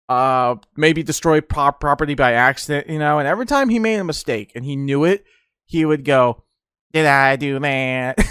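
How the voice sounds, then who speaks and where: Man, podcast host, casual rambler, fairly high voice. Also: fairly bright tone, clean tone, dry recording, clean studio sound. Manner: rambling, laughs often, many fillers. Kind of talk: casual chat.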